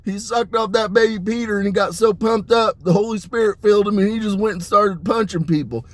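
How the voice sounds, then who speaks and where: A man's voice: high-pitched, a little fast. A man giving a rambling, profane monologue, swearing constantly and breaking into laughter as he talks. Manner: crude, swearing, laughing often.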